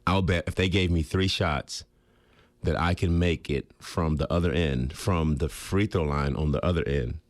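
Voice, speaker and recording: A man with an extremely low, deep voice, chatting easily as a radio guest. He tells stories at an unhurried pace, laughs often, and sounds close and dry in the studio. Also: no room sound. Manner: laid-back storytelling, laughs easily. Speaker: guest, former pro basketball player. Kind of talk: casual sports radio chat. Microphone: studio microphone.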